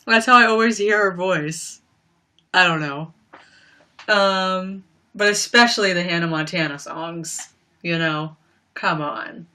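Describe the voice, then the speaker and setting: A young woman talks casually into her computer mic during a livestream at home. Her voice sits low for a woman, with a bright, forceful edge, and she rambles with plenty of "like" and "you know.". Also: slow pace, long pauses. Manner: chatty and rambling, many fillers and frequent laughs.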